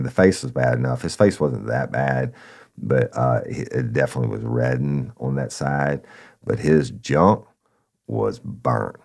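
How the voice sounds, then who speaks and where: A middle-aged man with a drawl tells a story to his listeners. His voice sits extremely low and has a rough, gravelly edge. He talks casually and curses freely, calling his audience "y'all". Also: a little mellow. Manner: folksy and profane, addresses listeners as y'all. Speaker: podcast storyteller, former narcotics officer. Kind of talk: casual first-person storytelling.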